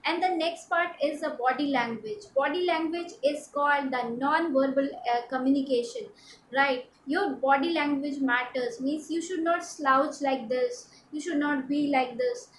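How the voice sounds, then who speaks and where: A woman from India, a personality development trainer, giving a halting instructional talk with many fillers and repeats. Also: sits high, roomy sound, a little hiss or hum, poor audio.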